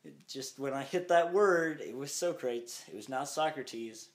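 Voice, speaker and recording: A man's voice: mid-range voice, animated, moderate pace. Rambling young man in an echoey room. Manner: rambling, laughs often. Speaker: podcast co-host. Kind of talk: casual chat. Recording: echoey room, faint noise.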